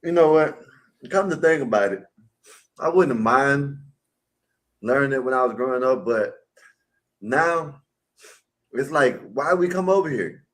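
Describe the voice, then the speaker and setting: A man's voice: mid-range voice, expressive, measured pace, long pauses, poor audio. A man on a live panel, talking bluntly and heatedly, full of rhetorical questions. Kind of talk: casual live panel chat.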